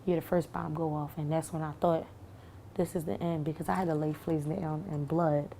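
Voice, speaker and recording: A young woman tells her story in a low, gravelly voice with a dark tone. She talks haltingly, full of fillers and restarts, in a testimony given to camera. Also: flat delivery, slight background noise. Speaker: shooting survivor.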